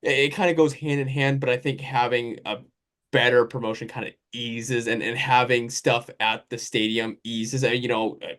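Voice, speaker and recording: A man's voice: mid-range voice, steady tone, normal speed, fairly bright tone. Rambling, easygoing man hosting a podcast. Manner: rambling, loose and conversational, drifting through lists and asides. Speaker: podcast host. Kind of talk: casual sports podcast chat.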